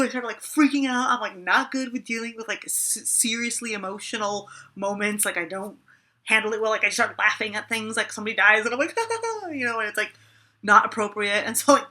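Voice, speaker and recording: A woman's voice: medium pitch, fairly quick, pushed and bright. A woman in her twenties telling a story in a casual vlog, chatty and full of fillers and swearing. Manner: chatty, swears a lot, many "like" fillers, laughs often. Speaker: vlogger.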